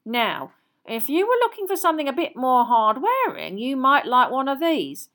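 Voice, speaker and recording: A woman reading aloud, voicing a brisk female pet shop witch who speaks slowly and deliberately. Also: high voice, sing-song, fairly bright tone, voice pushed up. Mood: appraising.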